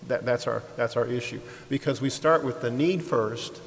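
A man telling a ministry story to a congregation, animated, acting out the people he quotes, with frequent restarts and repeated words. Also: mid-range voice, moderate pace, gravelly. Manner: animated, acts out quoted voices, laughs easily. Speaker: ministry leader. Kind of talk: sermon-style storytelling. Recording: long hall reverb, faint hiss.

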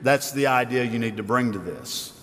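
A man's voice: mid-range voice, moderate pace, fairly bright tone. A man, a father, preaching a sermon in a conversational way, asking his listeners questions as he explains a Bible passage. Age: adult with children. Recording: long hall reverb.

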